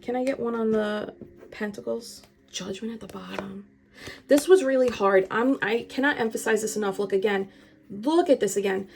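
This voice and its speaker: Young woman doing a tarot reading, chatty and rambling, leans hard on her points, mid-pitched voice. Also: normal speed, vocal fry, a little mellow. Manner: chatty, meandering, emphatic, talks directly to the viewer. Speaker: tarot reader. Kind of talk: casual spiritual tarot reading.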